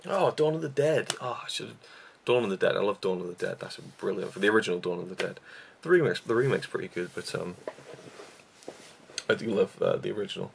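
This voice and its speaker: A man's voice: deep voice, fairly quick, creaky, a little hiss or hum. A young man chatting casually in a vlog about favorite films, rambling with lots of fillers and restarts. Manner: rambling, self-deprecating, frequent fillers and restarts. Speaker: YouTube reviewer.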